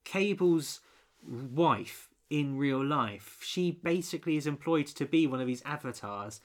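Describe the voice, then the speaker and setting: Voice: mid-range voice, expressive, a little slow. A co-host reviewing a film in casual chat, rambling with many restarts and fillers.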